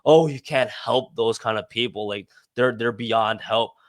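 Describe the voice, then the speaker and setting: A man's voice: mid-range voice, measured pace, no room sound, studio quality, lightly acted. A man voicing a dismissive woman who mocks and laughs while speaking. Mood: mocking. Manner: mocking, laughing.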